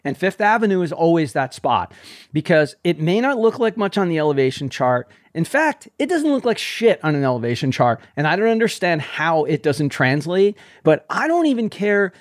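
An older man chatting casually as a running host, animated and swearing freely, calling people "man". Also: fairly high pitch, moderate pace, no room sound, clean studio sound. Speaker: running coach and podcast host. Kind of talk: casual chat.

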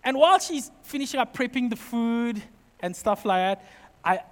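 A man's voice: extremely high pitch, moderate pace. A man, a pastor giving a sermon full of personal stories, acting out family voices with jokey asides. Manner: animated, acts out family quotes, jokey asides. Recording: long reverb from a large hall.

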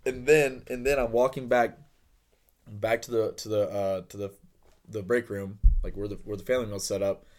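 A young man co-hosting a podcast, chatting casually and telling an animated, sweary story. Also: fairly low pitch, normal speed. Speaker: podcast co-host. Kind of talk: casual chat.

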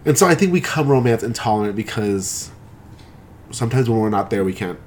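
Woman, very low voice, animated delivery, casual podcast chat, faint hiss behind. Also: a little fast. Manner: animated, playful, swears freely. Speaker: podcast co-host.

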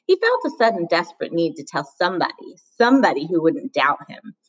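A woman narrating a children's novel in a calm, even reading voice. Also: fairly low pitch, fairly quick, slightly rough, rough recording. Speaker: audiobook reader. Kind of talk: storybook narration.

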